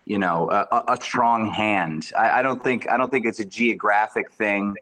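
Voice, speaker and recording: A comedian guest in a casual comedic chat, jokey and rambling with frequent restarts. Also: male voice, on the low side, moderate pace, bright, forceful tone.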